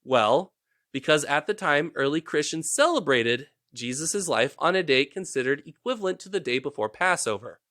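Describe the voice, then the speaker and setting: A man's voice: a little high, animated, moderate pace, sharp tone, no echo, clean studio sound. A man hosting a casual podcast, explaining history in a rambling, jokey, self-correcting way. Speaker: podcast host presenting research.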